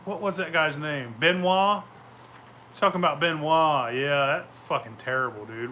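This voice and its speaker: A brash, foul-mouthed man spins loose stories, breaking into laughter as he goes. His voice sits a little high and rings bright and forceful. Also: expressive, unhurried, a little hiss or hum. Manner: profane, boisterous, laughs often. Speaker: show host. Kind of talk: casual rambling storytelling.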